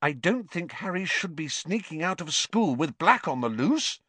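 Male reader doing a keen, bossy know-it-all schoolgirl; high and animated. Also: normal speed, no room sound, heavily acted. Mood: sharp. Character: eager bookish know-it-all teenage girl.

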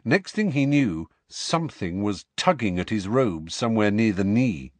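A man narrating an audiobook in an expressive, measured storytelling manner. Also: lowish voice, no echo. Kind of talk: scripted narration.

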